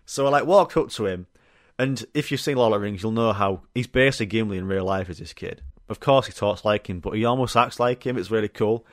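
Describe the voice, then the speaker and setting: A man's voice: on the low side, brisk, no echo, studio quality. A man with a Yorkshire accent hosting a podcast, telling rambling stories in a casual, chatty way with lots of fillers and the odd swear word. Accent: Yorkshire English. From Yorkshire, England. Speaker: podcast host. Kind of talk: casual storytelling chat.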